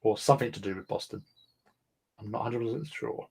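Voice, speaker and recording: A man's voice: on the low side, fast talker, vocal fry, a little mellow, husky. Chatty English man with many fillers. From England. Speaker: livestream host. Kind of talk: casual chat.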